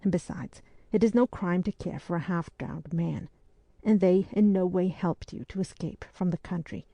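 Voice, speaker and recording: A woman reading the part of a brisk, firm English spinster hostess in an audiobook. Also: fairly low pitch, warm tone, dry recording.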